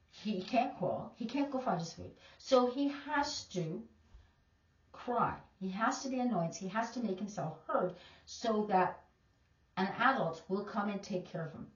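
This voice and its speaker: A woman's voice: medium pitch, animated, a little slow, pauses often. Emphatic woman in an echoey room. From Canada. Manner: emphatic, opinionated. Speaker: teacher. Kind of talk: casual commentary. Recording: distant, echoey, dull lo-fi.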